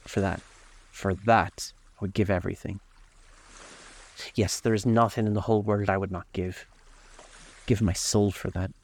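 A man reading aloud gives a desperate, vain young man in a storybook, lifting his low gravelly voice higher into an anguished plea. The youth sounds wounded and self-absorbed. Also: little pitch movement, normal speed, long pauses, darkish tone. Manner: pleading, raised in pitch. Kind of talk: audiobook character voice.

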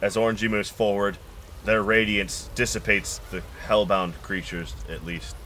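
Slow, deliberate game master narration, bright voice. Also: male voice, fairly low pitch, fairly even intonation, a little hiss or hum.

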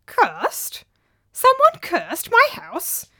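A woman's voice: sits high, huge pitch swings, a little slow, bright, forceful tone, pitched above the performer's own voice, exaggerated voice. A woman voicing a bewildered, indignant old man who demands answers.

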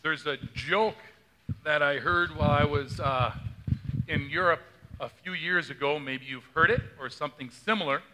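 Guy pastor, high voice, chatty sermon, keeps quizzing the folks in the pews. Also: normal speed, sharp tone, slight background noise. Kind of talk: gospel reading and conversational sermon. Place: church sanctuary.

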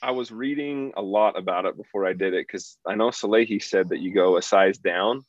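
A man's voice: lowish voice, fairly quick, no room sound, highs cut off. A man in casual podcast chat, talking in a laid-back, loose way with lots of "like". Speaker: podcast participant.

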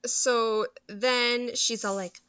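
A woman's voice: fairly high pitch, smooth, lo-fi sound. A woman in casual chat, retelling a movie scene by scene and quoting the characters as she goes. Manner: animated retelling with quick character quotes.

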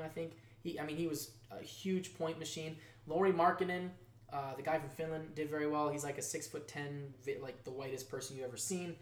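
A man hosts a casual, news-style show, jokey and animated, swinging from loud outbursts to quiet asides. His voice is a little high, and the room is echoey.

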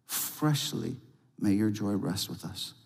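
A male pastor delivering a sermon, telling a lively story and then leading a quiet prayer. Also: on the low side, slow pace, creaky. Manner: storytelling with rising excitement, then hushed prayer. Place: church sanctuary. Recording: long reverb of a large hall.

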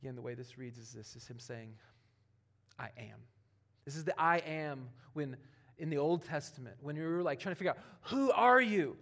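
A man preaching a sermon, animated and conversational, swinging from loud emphatic passages to quiet, near-whispered ones, with casual asides. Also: fairly high pitch, moderate pace. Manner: conversational, with casual asides and playful quoted voices. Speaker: pastor.

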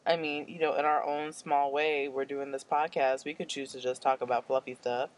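A woman co-hosting a podcast in casual chat, relaxed and peppering her talk with "you know". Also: very deep voice, moderate pace, low-quality recording. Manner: relaxed, uses many fillers like "you know". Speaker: podcast co-host.

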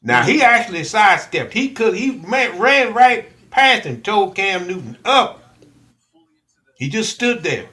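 High, lively man telling a rambling story. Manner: rambling, halting restarts. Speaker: podcast regular. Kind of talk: casual chat, storytelling.

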